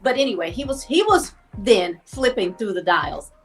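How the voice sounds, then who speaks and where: A woman guest telling a story in a casual interview, animated and laughing, acting out the voices of people she quotes. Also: mid-range voice, normal speed, soft background music.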